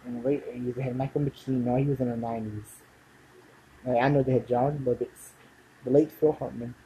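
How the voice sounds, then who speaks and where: A man's voice: medium pitch, steady tone, fairly quick, lo-fi sound, a little hiss or hum. A man in his thirties talking casually to camera, rambling and forgetful, often trailing off and starting over. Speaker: video blogger.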